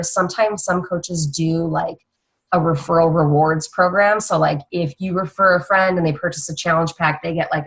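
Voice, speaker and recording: Young woman coach, low gravelly voice, husky, chatty and rambling, casual training talk. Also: fairly bright tone, poor audio. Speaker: fitness coach.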